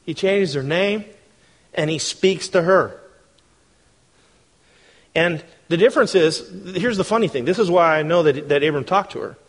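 Conversational preacher with a higher voice. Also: male voice, normal speed, long pauses. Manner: conversational, animated, asks the congregation questions. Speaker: pastor. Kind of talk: sermon.

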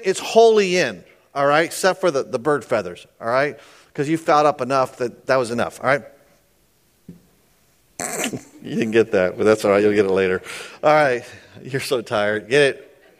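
A man with a notably high-pitched voice leads a sermon. He reads scripture aloud and explains it in an easygoing, conversational way, stopping often to check in with the room and slip in a pun. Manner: conversational, checks in with listeners, puns and jokes. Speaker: preacher.

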